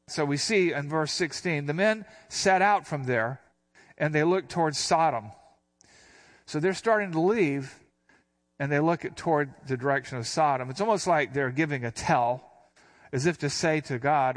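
Older man teaching the Bible casually. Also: on the high side. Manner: reads scripture slowly, then explains in casual asides. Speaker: pastor.

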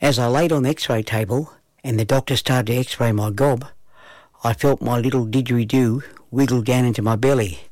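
In a relaxed, lively first-person telling, a man with an Australian accent narrates a children's story. His voice is mid-range and his pace moderate, and the recording is dry.

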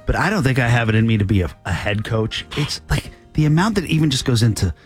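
A man's voice: mid-range voice, animated, quick pace, faint music behind. A man co-hosting morning radio, goofy and self-mocking, on a studio mic. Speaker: radio host.

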